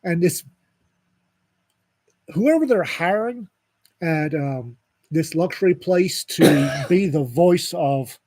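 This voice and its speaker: A man with a husky, somewhat high voice co-hosts a podcast. He tells a story in a dry, wisecracking way. The sound is dry and close. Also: expressive, slow pace, pauses often, darkish tone, no echo. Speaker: podcast co-host. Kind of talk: casual storytelling chat.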